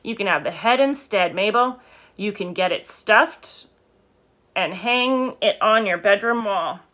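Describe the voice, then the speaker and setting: A woman's voice: medium pitch, unhurried, pushed and bright. A woman voicing a bossy farmer's wife in a children's story, impatient and commanding.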